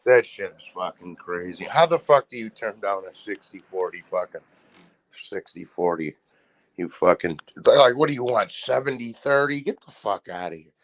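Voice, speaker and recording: Man, stream host, casual boxing chat, profane, rambling, animated. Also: fairly low pitch, normal speed.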